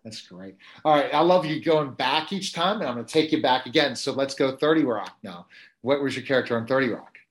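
A man's voice: mid-range voice, animated, a little fast. A male podcast host interviewing a guest, upbeat and steering the talk back to his questions. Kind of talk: casual interview chat.

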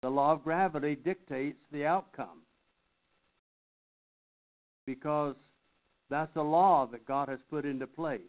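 An older man teaching a Bible study lesson, speaking haltingly and often clearing his throat. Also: on the high side, fairly even intonation. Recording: tinny phone-like sound.

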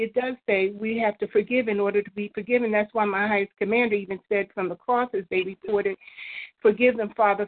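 A woman calling in to a talk line, rambling and preachy, quoting scripture. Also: on the high side. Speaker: caller. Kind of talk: phone-in call. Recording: phone line.

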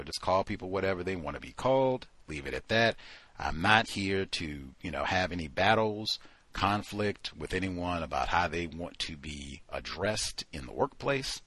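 Animated man, husky and bright. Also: low voice, no echo. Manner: animated, acts out quoted voices. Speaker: podcast host. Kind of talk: casual commentary.

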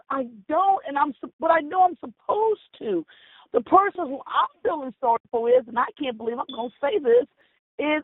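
A woman co-hosting a casual chat, speaking in a measured, reflective way. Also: high-pitched, dry recording. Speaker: podcast co-host. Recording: tinny phone-like sound.

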